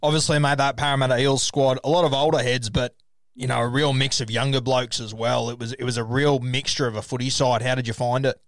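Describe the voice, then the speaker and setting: An Australian host with a mid-pitched voice asks his questions in an easygoing, matey way. His voice sits dry and close, with almost no room sound around it. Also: little pitch movement, fairly quick, no room sound. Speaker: podcast host, interviewer. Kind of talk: casual interview questions.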